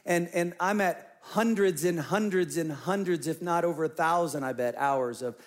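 A man's voice: on the high side, moderate pace. A middle-aged man, a pastor, telling an earnest personal story in a sermon and acting out his own past words.

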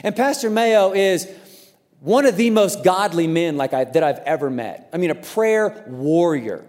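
A man preaching a sermon as a pastor, telling a story in an animated way and acting out the voices in it. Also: sits high, a little slow, long reverb tail. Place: large church auditorium.

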